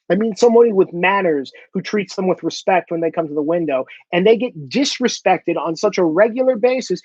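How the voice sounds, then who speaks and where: A man's voice: sits high, no room sound, lo-fi sound. A man in a blunt, profane ranting monologue, swearing heavily for emphasis. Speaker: commentator.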